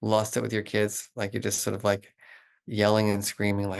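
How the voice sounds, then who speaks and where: A middle-aged man talking as a guest expert in an interview, animated and explanatory, with lots of "like" fillers. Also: fairly low pitch, moderate pace, gravelly. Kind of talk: conversational interview.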